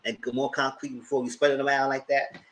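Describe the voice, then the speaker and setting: A man hosting a live TV review, chatting casually in a blunt, slangy, animated way. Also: mid-range voice, quick pace, a little hiss or hum, rough recording. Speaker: host of a TV review channel.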